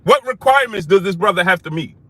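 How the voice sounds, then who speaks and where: A man's voice: high voice, animated, fast talker, slightly rough, no echo. Heated man hosting a live stream. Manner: shouts out viewers by name, rising to heated outrage; preachy, repeats phrases for emphasis.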